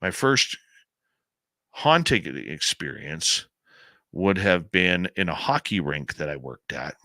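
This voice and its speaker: Deep-voiced Canadian radio host, bright tone. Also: male voice, lively intonation, slow pace, no echo. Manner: chatty, enthusiastic, rambling. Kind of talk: late-night radio call-in talk.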